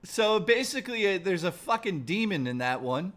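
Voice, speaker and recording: A man's voice: sits high, very animated, normal speed, a bit bright, faint music behind. A man live-streaming in casual chat, joking around and swearing freely.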